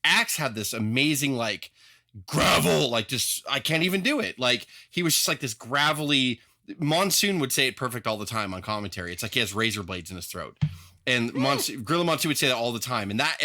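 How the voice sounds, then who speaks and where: A man's voice: mid-range voice, fairly quick. A man co-hosting a podcast, chatting animatedly with many fillers. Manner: animated, full of fillers and acted-out voices. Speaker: podcast co-host. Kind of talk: casual chat.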